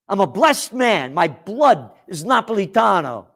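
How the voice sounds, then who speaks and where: Fiery New York man ranting, slow. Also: sits high, very animated, gravelly, a bit bright. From New York (Bronx). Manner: fiery, blunt, profane ranting. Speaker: host. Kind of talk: angry commentary monologue.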